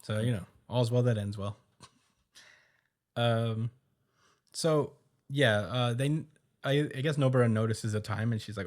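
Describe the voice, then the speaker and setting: A man co-hosting a podcast, casually recapping a manga chapter with lots of fillers and quick quoted asides. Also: mid-range voice. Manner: loose, filler-heavy retelling with quick quoted asides and laughs.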